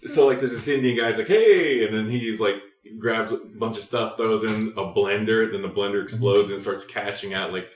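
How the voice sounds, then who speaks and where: A man's voice: on the low side, flat delivery, normal speed, few pauses, roomy sound. A man hosting a podcast, telling a story in casual chat, laughing often and acting out the voices of people he quotes. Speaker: podcast host.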